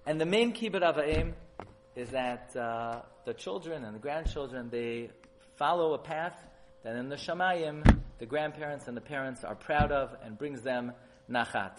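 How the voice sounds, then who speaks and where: A man giving a Torah sermon at a memorial gathering, animated and rising to loud, emphatic peaks. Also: medium pitch, moderate pace, a little hiss or hum, rough recording. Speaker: rabbi giving a memorial talk.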